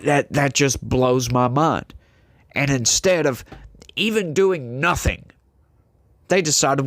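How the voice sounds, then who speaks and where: A man hosting a political commentary channel, talking in a sarcastic, incredulous, animated way. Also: mid-range voice, no room sound.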